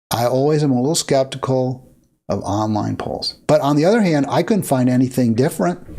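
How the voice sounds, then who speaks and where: Gravelly opinionated male political host. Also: fairly high pitch, a little mellow. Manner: opinionated, with frequent fillers and restarts. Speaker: political talk show host. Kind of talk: solo political commentary.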